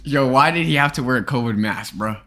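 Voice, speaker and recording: Bright-voiced young man streaming live. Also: mid-range voice, fairly quick. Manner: animated, joking, talks straight to chat. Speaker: streamer host. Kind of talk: casual live-stream chat.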